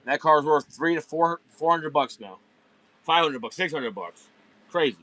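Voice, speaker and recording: A man's voice: fairly high pitch, animated, moderate pace, bright, forceful tone, poor audio. A man hosting a live online sale of diecast cars from a warehouse at night, chatting casually with viewers and hyping each pull. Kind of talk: casual live-stream sales chat.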